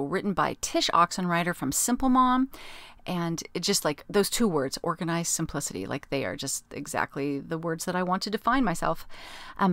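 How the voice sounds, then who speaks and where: A middle-aged woman hosts a casual solo podcast, talking in a chatty, rambling way full of fillers. Her voice sits on the low side. It is recorded close and dry, with no room sound. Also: dry recording. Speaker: podcast host.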